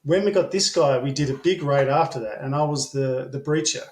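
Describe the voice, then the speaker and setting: A man's voice: mid-range voice, a little fast, darkish tone. A man with an Australian accent, an interview guest telling stories at length, full of ums and blunt swearing. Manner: rambling, filler-heavy, blunt and swearing. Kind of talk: casual storytelling. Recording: echoey room.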